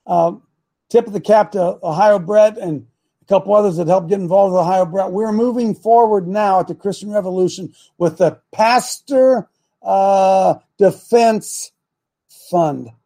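A man's voice: high voice, measured pace, mellow. A middle-aged man hosting a call-in talk show, preaching and scolding his listeners in a combative way.

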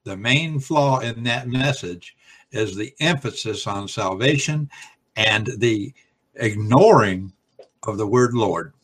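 A man on a talk show making a calm, measured point. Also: mid-range voice, husky.

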